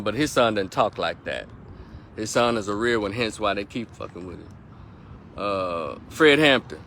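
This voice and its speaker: A man's voice: on the low side, a bit bright, a little hiss or hum. A man delivering a heated, profane opinion rant as a political commentator, hammering points home by repeating them. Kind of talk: ranting opinion vlog.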